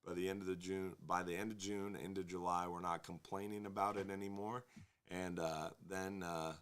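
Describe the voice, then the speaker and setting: A man with a relaxed drawl and a fairly low voice hosts a live fishing show from his marina. He talks casually and at length, drifting into jokes and asides for his viewers. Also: moderate pace, clear, resonant tone. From Florida. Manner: laid-back, rambling, joking with viewers. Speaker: fishing charter captain hosting a live show. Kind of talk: casual live-stream chat.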